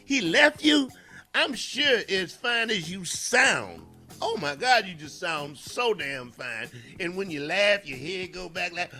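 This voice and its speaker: Lively high-voiced man teasing on air. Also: unhurried, soft background music. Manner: playful and teasing, swooping into mock voices. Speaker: radio co-host. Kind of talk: comic banter on morning radio. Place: radio studio. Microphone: studio microphone.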